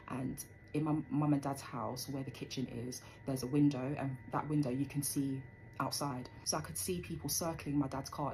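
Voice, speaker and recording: A woman's voice: rumbling low, a little mellow, slight background noise, rough recording. A young woman telling a personal story in a rambling, conversational way with plenty of fillers.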